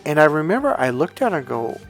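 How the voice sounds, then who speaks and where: A dating coach tells a rambling personal story in a casual way, swearing freely, correcting himself as he goes and acting out past dialogue. His voice is a little high and sing-song, and he talks fast. Faint music plays behind him.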